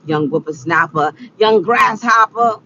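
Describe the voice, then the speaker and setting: A woman's voice: medium pitch, measured pace, bright, forceful tone, dull audio, a little hiss or hum. A woman of forty talking casually to camera, rambling, repeating herself and laughing often. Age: 40s. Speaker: vlogger. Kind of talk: casual reflective talk to camera.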